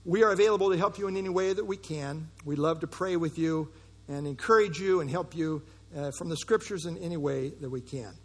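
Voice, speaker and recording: A man pastor preaching a sermon in church, earnest and emphatic, slowing down to stress key phrases. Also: fairly high pitch, breathy edge.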